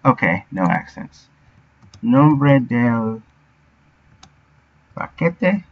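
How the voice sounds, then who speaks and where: A man's voice: medium pitch, big pitch swings, very slow, vocal fry, slight background noise. A man streaming his game development work, thinking aloud and sounding out words as he goes. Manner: muttering to himself, sounding out words. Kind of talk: thinking aloud while working. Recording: dull lo-fi audio.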